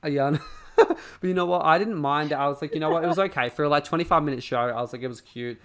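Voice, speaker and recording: A man co-hosting a podcast, chatting casually, swearing freely and ranting with animated energy. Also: a little high, fast, a crowd in the background. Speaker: podcast co-host. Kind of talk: casual chat.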